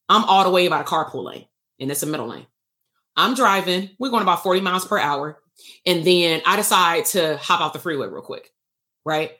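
A therapist coach hosting a live online bootcamp workshop tells a story in a casual, animated way, acting out dialogue. Her voice sits on the low side with a sharp tone, and her manner is salty, with frequent laughter.

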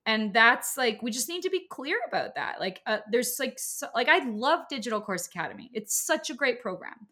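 A woman's voice: fairly high pitch, big pitch swings, normal speed, pushed and bright. A woman in her thirties who runs a business, talking casually and emphatically with lots of filler words. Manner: chatty, frequent "like" fillers, emphatic. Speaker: business owner and course creator. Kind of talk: casual podcast conversation.

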